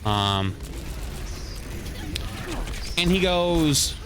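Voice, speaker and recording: A man's voice: mid-range voice, very animated, a little fast, noisy background. A male streamer telling a story in a heated, profane, casual way.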